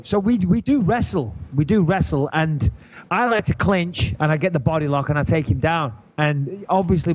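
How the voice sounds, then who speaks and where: A man in his thirties with an English accent, chatting on a podcast in an animated, joking and profane way. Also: fairly high pitch, dull audio. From England. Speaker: podcast guest. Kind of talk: casual podcast chat.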